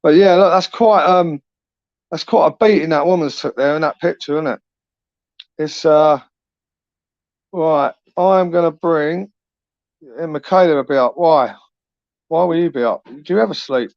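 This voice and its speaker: A man's voice: fairly high pitch, measured pace, vocal fry, long pauses, darkish tone, no echo. A man hosting a casual live stream, chatting in slang, tagging questions onto his sentences and reading out viewer comments. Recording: dull, lo-fi, dry.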